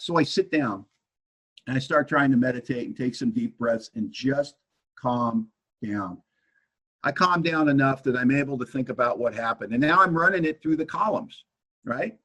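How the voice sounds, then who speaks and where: Recovery speaker, male, husky voice, lively storyteller who plays out both sides of an argument. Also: mid-range voice, poor audio. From Washington state, US. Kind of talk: storytelling talk at a recovery meeting.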